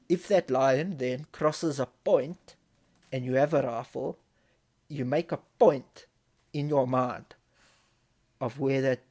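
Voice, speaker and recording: A man's voice: medium pitch, darkish tone. A man casually telling a story on a live stream, swearing often and repeating phrases as he builds tension. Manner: profane, vivid storyteller who repeats phrases.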